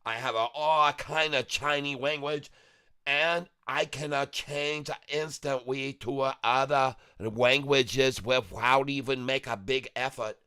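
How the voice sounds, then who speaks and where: A man's voice: mid-range voice, fairly even intonation, slow, bright, forceful tone, clear, resonant tone, voice pushed up. A man voicing a boastful male character with a put-on Taiwanese accent and broken grammar, as a silly livestream bit. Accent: put-on Taiwanese-accented English.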